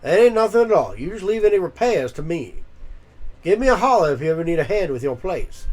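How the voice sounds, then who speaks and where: A game streamer voicing a calm, folksy old mole father with a drawling country way of talking. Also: mid-range voice, a little fast, soft background music.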